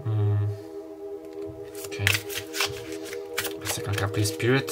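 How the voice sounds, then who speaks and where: A man doing a casual tarot card reading to camera. He talks in a halting way, with many fillers and self-corrections. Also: on the low side, steady tone, over loud music. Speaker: tarot reader. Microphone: camera mic.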